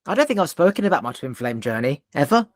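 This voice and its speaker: A man's voice: fairly high pitch, very animated, fast, dry recording, clean studio sound. A man hosting a podcast, telling a personal story in an intense, emphatic way and swearing now and then. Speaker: podcast host. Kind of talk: casual conversation.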